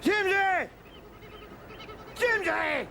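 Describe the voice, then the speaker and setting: A man's voice: sits high, sing-song, a little slow, full character voice. A middle-aged man with a broad Glaswegian accent, playing a brash, combative street philosopher who rants in mock-grand speeches in a TV sitcom. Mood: ranting. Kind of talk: sitcom acting. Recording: TV sitcom audio with background noise.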